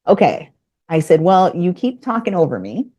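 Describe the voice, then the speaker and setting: A woman's voice: lowish voice, very animated, normal speed, warm tone, lo-fi sound. A woman guest telling a business story in casual conversation, acting out both sides of the dialogue. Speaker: podcast guest.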